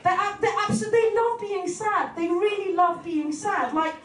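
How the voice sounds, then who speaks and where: A woman's voice: very high voice, steady tone, unhurried. Brash woman doing stand-up. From Turkey. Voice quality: brash, swears a lot, self-mocking. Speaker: stand-up comedian. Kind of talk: stand-up comedy set. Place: comedy venue with an audience. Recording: roomy venue sound from a distance.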